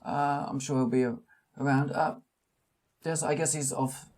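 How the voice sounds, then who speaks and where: A man's voice: medium pitch, fairly even intonation, moderate pace, a little mellow, pitched above the performer's own voice, lightly acted. A man voicing a small, fussy older male publisher, polite and easily flustered. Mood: courteous. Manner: fluttery, surprised and courteous.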